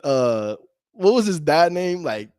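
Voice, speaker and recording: Between cold calls, a young American man who wholesales real estate chats in a casual vlog, laid-back and slangy, laughing a lot and calling viewers "bro." His voice is on the high side, very animated yet slow, a little mellow, clear and resonant. The audio is studio quality with no room sound.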